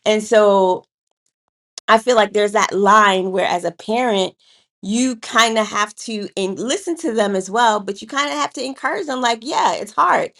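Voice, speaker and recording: A woman in her thirties, co-hosting a casual talk about parenting, chatty and animated, with frequent laughs and slangy asides. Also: medium pitch, normal speed. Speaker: podcast co-host, parent. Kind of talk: casual conversation.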